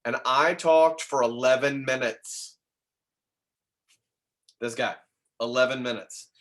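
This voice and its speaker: A man giving an energetic real estate sales training talk, tossing in tag questions and quick laughs as he goes. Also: medium pitch. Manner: energetic, acts out dialogue in quick asides.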